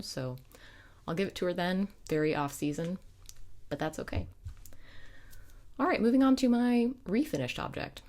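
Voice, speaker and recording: A young woman with a notably low, deep-set voice talks through her knitting in a relaxed, chatty way. She digresses often and corrects herself mid-sentence, like a host chatting with her regular listeners. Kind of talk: casual chat.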